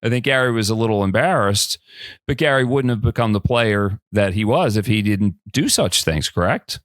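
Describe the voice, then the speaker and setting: A man's voice: fairly low pitch, expressive, moderate pace, no echo, clean studio sound. A man hosting a casual interview, chatty and jokey, asking questions. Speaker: podcast host.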